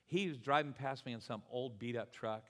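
A man's voice: mid-range voice, normal speed. A man preaching a sermon in church, telling stories and acting out the people in them. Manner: animated storytelling preacher, voices people in anecdotes. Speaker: pastor. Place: church sanctuary. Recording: long hall reverb.

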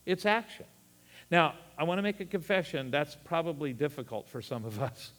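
Middle-aged pastor, higher-pitched, folksy and animated, preaching in an echoing hall. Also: male voice, fairly quick. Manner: animated, folksy asides with laughs. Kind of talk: sermon.

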